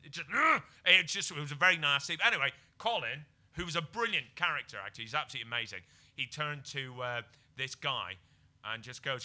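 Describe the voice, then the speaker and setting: A British man, a comedian guest, telling a comic story on a podcast, jumping between quiet mutters and excited bursts. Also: brisk. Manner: animated, swings from low mutters to excited bursts.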